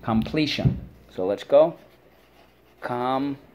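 A man's voice: lowish voice, a little mellow. Upbeat man teaching a spelling lesson. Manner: upbeat, drills words syllable by syllable with pauses for repeating. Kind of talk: spelling and vocabulary lesson for children.

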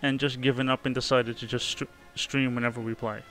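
A man co-hosting a game livestream, wry and quick to laugh. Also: medium pitch, little pitch movement, fairly bright tone, faint music behind. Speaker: livestream co-host and player. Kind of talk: casual gaming chat.

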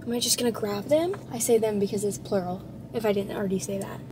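A young woman talking to a handheld phone camera as a family vlogger, bubbly and excitable, gushing about her day while driving and waiting at an airport. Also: mid-range voice, quick pace. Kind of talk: casual vlog talk to camera. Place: in a car and at an airport curb. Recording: clear vehicle noise.

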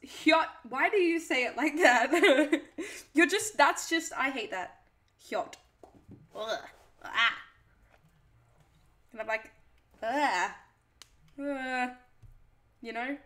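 A woman's voice: sits high, bright, forceful tone. A woman live streamer chatting casually and playfully, reading her chat aloud and answering it.

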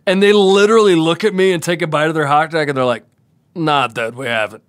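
A man's voice: a little high, fast talker, a bit bright, dry recording. A man from a small South Dakota town telling a touring story in casual chat, acting out the voices of people he quotes. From Spearfish, South Dakota. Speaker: guest, brewery sales rep. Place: home room with dogs around.

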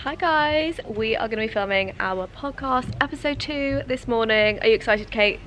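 A woman's voice: fairly high pitch, normal speed, background noise. A young woman hosting a casual vlog, bubbly and gushing. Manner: bubbly, gushing over puppies and outfits. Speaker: vlog host.

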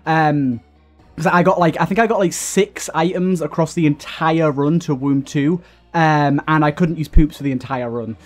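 A man's voice: fairly high pitch, normal speed, faint music behind. A young man giving casual, rambling let's-play commentary while playing, exasperated and restarting often, with lots of fillers. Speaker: gaming YouTuber.

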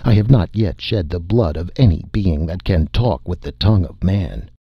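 A man voicing a gentle giant male reptile warrior who rumbles calm, earnest words, in a slightly muffled recording. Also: moderate pace, gravelly, slightly rough, no echo, exaggerated voice.

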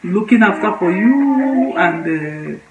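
A woman's voice: medium pitch, animated, slow pace, lo-fi sound, crowd noise. A Nigerian woman with a Nigerian English accent, chatting heartfelt and directly to her viewers in a casual vlog from her home kitchen. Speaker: vlogger. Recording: echoey room with loud background noise.

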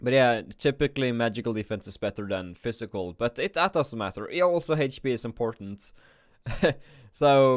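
A man's voice: medium pitch, dry recording, clean studio sound. Drowsy man rambling through game commentary. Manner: rambling, thinking aloud with frequent restarts. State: drowsy, just woke up and yawning. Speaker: gaming video creator.

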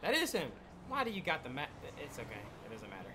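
Lively high-voiced man in game roleplay. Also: fast talker, background noise. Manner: animated, exasperated, laughs often. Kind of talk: in-character game roleplay chat.

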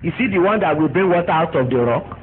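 A man with a Nigerian accent preaching a sermon as pastor, animated and acting out the voices he quotes. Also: on the high side, quick pace, phone-quality sound. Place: church.

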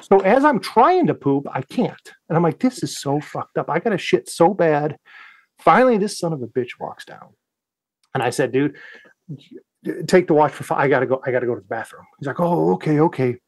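A man's voice: a little high, fairly quick, dry recording. A man, a Navy veteran from the United States, telling a story in a casual podcast chat, swearing freely and acting out what he said back then. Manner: profane, animated, acts out his own quotes.

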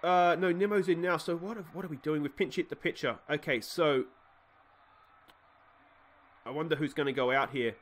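Excitable Australian man calling a game. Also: a little high, normal speed, long pauses. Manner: excitable, swings from muttered asides to shouted cheering. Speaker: let's play host. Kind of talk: play-by-play commentary on a baseball sim game.

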